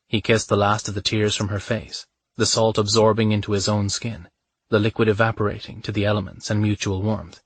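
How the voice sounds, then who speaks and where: Low-voiced male audiobook narrator. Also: flat delivery, a little fast, dry recording. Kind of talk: scripted romance narration.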